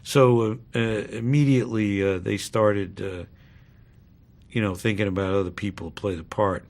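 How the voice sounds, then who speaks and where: Male cast member, interview anecdote; gravelly, relaxed, rambling with many fillers. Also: fairly low pitch, normal speed. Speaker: sitcom cast member recalling a shoot.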